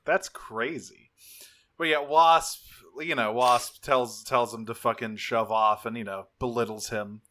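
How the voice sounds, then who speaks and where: Male podcast co-host: bright, forceful tone, casual profane recap, rambles. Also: mid-range voice, fairly even intonation, a little slow. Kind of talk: casual episode recap chat.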